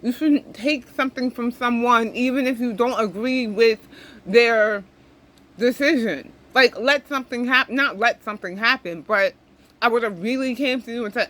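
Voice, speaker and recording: A woman's voice: a little high, moderate pace, a bit bright, rough recording. A young woman venting to camera, upset and rambling, often repeating herself. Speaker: vlogger.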